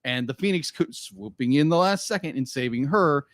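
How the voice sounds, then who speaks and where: A man's voice: on the high side, animated, moderate pace, a bit bright, no room sound. A man co-hosting a podcast in casual chat, laughing easily and restarting sentences as he goes. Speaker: podcast co-host.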